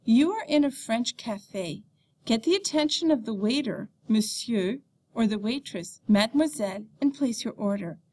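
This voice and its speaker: A woman teacher reading a beginner French textbook lesson aloud, saying the French words slowly and clearly. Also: a little high, animated, darkish tone.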